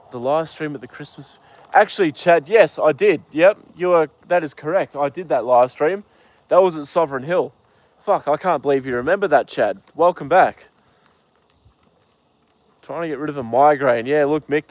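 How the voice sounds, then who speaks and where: A man's voice: on the high side, no room sound. Laid-back Australian man chatting live. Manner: relaxed, chatty, many ums and uhs, speaks softly to the horse. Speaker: livestream host with a horse. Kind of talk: casual live chat reading viewer comments. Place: outdoor paddock with a horse.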